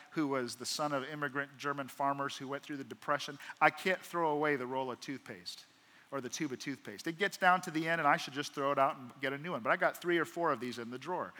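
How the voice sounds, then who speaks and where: A man preaching a sermon as pastor, swinging from hushed to emphatic and acting out prayers. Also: on the high side, moderate pace. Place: church auditorium. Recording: long church hall reverb.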